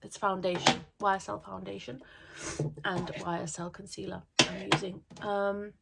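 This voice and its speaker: A woman vlogging casually at her dressing table, out of breath and coughing from illness, talking in a halting way with many pauses and fillers. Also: mid-range voice, flat delivery, creaky, heavy background noise. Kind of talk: casual vlog chat.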